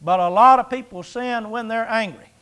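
A man's voice: very high voice, moderate pace, fairly bright tone, smooth. A man in his sixties preaching a sermon in a folksy, conversational way, with jokes and rhetorical questions. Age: 60s.

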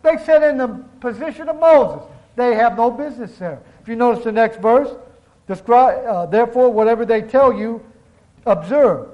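High-voiced man preaching a sermon. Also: muffled recording. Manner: emphatic, slows down to stress words, addresses congregation as brethren.

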